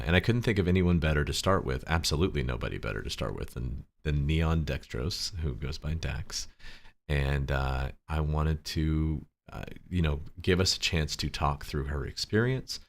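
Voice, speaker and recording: A man hosting a casual livestream chat, sleepy and relaxed, rambling with frequent fillers. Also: a bass voice, vocal fry. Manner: relaxed, rambling, laughs often. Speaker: host. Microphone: desktop microphone.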